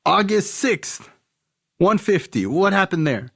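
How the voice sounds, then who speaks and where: A man's voice: sits high, sing-song, a bit bright, no room sound, clean studio sound, voice pushed up, heavily acted. A man voicing an agitated middle-aged father who fires pointed questions at his son. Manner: rapid-fire pointed questioning.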